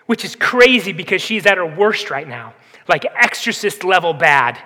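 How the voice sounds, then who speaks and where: A man preaching a sermon as pastor, firing off rhetorical questions and shifting between strong emphasis and soft, intense passages. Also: sits high, very animated, normal speed. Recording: reverberant hall.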